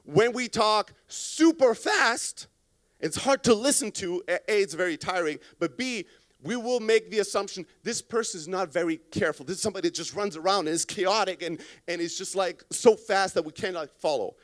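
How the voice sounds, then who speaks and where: Man in his 30s, conference keynote, fairly high voice, punchy and profane, acts out phone calls for laughs. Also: brisk. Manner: blunt, profane, animated, acts out callers. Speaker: conference speaker. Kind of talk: energetic stage talk. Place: conference stage. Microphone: stage microphone.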